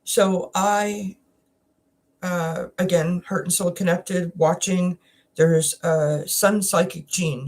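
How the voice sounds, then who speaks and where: Emotional Canadian woman, slow and halting, close to tears, casual personal chat. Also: lowish voice, steady tone, darkish tone. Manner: emotional, halting, many restarts. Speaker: wellness channel host.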